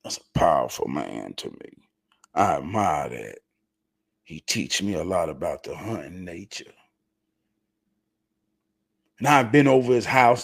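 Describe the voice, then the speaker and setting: A man hosting his show, telling a story with animated delivery that swings from low mutters to loud excited shouts.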